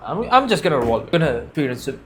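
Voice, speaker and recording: A man's voice: fairly high pitch, sing-song, racing, fairly bright tone, a little hiss or hum. A man doing a nerdy know-it-all manager. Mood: mock-serious. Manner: mock-serious lecturing with a put-on accent.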